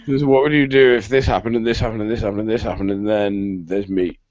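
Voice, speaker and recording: A man's voice: lowish voice, fairly even intonation, quick pace, darkish tone, no echo. A British man hosting a casual online hangout chat, talking in a stop-start, rambling way with many restarts. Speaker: host. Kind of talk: casual video-call chat. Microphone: computer mic on a video call. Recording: muffled lo-fi call audio.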